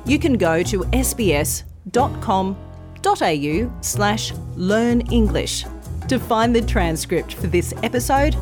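Slow, carefully articulated woman teacher. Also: mid-range voice, expressive, music in the background. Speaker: news presenter teaching pronunciation. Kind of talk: scripted lesson narration.

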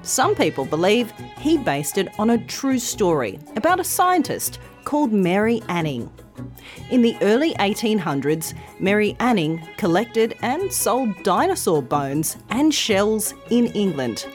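A middle-aged woman hosting a scripted pronunciation lesson, modelling sounds slowly and carefully. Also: mid-range voice, very animated, darkish tone, faint music behind. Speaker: pronunciation teacher, host.

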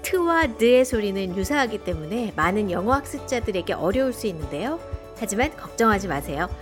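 A woman announcing the program in a scripted radio introduction with a brisk delivery. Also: medium pitch, very animated, music in the background.

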